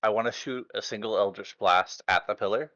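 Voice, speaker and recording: Low-voiced man player, dull lo-fi sound. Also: pushed and bright, no room sound. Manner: quick questions to the game master. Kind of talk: casual tabletop play.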